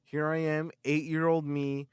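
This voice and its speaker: Animated man telling a story, dry mic. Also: on the high side, measured pace, smooth, no echo. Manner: animated, swears a lot, repeats words. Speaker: podcast host. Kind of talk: casual storytelling.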